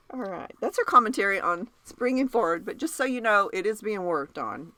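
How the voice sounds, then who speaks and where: A woman with a Southern accent hosts a casual podcast chat, talking at an ordinary pitch and laughing often. She asks her cohost question after question. The sound is close and dry. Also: bright, forceful tone, dry recording. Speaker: podcast host.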